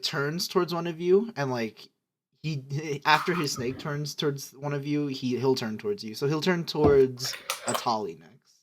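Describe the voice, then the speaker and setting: A man narrating as game master, stumbling and restarting often, over a noisy voice call. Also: a little high. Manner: hesitant narration with many restarts. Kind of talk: running a tabletop game online.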